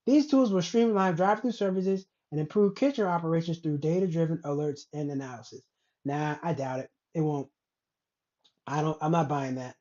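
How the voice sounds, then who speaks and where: Low and dark-toned at a moderate pace, a woman's voice delivers a rambling, blunt, profanity-heavy rant as host of a casual commentary show. It's a dull, lo-fi recording.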